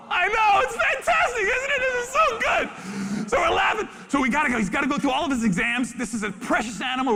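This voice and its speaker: A man giving a lively, storytelling talk from an expo stage as a zoo spokesperson, acting out animals in funny voices. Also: high voice, creaky. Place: expo main stage in a large hall. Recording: reverberant large hall.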